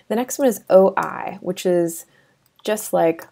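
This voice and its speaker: A woman's voice: fairly low pitch, slow pace, vocal fry, mellow. A woman teaching a French lesson over a screen recording, chatty with many fillers and restarts.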